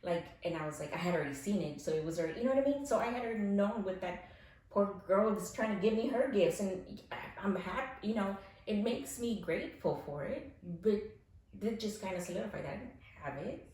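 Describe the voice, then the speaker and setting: A woman around forty telling personal stories frankly and candidly. She swears freely and swings between soft reflection and animated laughter. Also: mid-range voice, a little fast. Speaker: podcast guest. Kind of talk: candid conversational storytelling. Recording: very echoey room.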